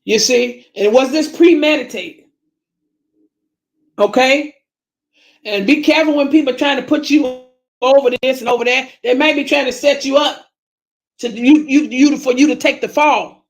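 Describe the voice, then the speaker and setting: A woman's voice: high voice, normal speed, pauses often, reverberant. A woman with a Southern US accent, talking to her viewers in casual commentary, emphatic and preachy, repeating her points and calling them family. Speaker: YouTube channel host.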